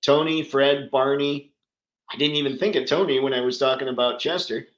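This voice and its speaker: A man's voice: mid-range voice, steady tone, a little fast, a bit bright, reverberant, low-quality recording. A man hosting a casual livestream chat, talking enthusiastically and answering viewers by name. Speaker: livestream host.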